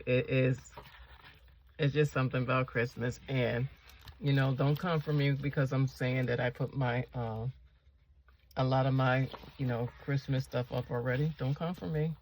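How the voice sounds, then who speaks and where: Slow, gravelly-voiced woman chatting while crafting. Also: extremely low pitch, a little hiss or hum. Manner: chatty, asks viewers questions; rambling, slow and relaxed. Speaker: planner vlogger. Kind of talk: casual chat while decorating a planner.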